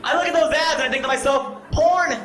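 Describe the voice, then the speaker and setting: A man's voice: extremely high pitch, a little fast, a bit bright, a little hiss or hum. A man doing self-deprecating stand-up comedy in a comedy club, bantering with the audience. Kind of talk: stand-up comedy with crowd work. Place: comedy club stage before a live audience. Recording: echoey live club with audience laughter.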